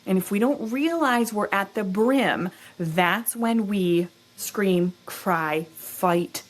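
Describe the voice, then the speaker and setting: Animated woman explaining with vivid images. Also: mid-range voice, takes it slowly. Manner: animated teaching, checks in with "right?" and "okay?". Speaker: guest expert on farm stress. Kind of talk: explanatory interview talk.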